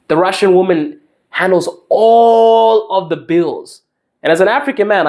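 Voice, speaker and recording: A man, hosting a podcast and delivering an emphatic advice monologue. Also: a little high. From Zimbabwe. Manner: emphatic, preachy. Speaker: podcast host.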